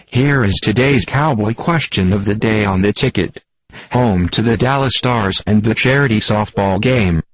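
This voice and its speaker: A synthetic male text-to-speech voice playing a stiff, deadpan sports computer that reads jokes in stilted, formal phrasing for a radio comedy bit. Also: lowish voice, close to an everyday voice.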